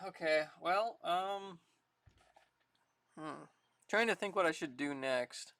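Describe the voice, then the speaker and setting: A live streamer talks to viewers in an easygoing, unhurried way, thinking out loud and laughing often. The voice sounds slightly out of breath, bright and sharp, and the sound is dry, with no room echo. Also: mid-range voice. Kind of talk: casual live-stream chat.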